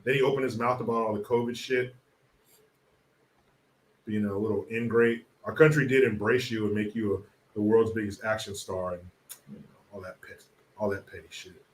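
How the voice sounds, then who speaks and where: A man's voice: fairly low pitch, fairly even intonation, moderate pace, long pauses. A man from California hosting a live-stream commentary show, brash, profane and sarcastic. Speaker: political commentary host.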